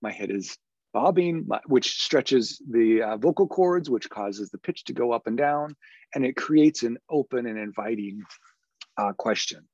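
A man's voice: mid-range voice, expressive, unhurried, a little mellow, no room sound, dull audio. A man, a podcast guest and education consultant, explaining earnestly in a conversational interview. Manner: earnest, explanatory, demonstrates tones of voice.

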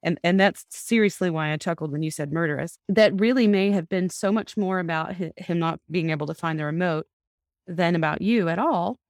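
A woman's voice: on the low side, brisk, no echo, studio quality. A woman hosting a podcast, coaching a couple step by step and repeating back what she hears from them. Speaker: couples therapist and podcast host.

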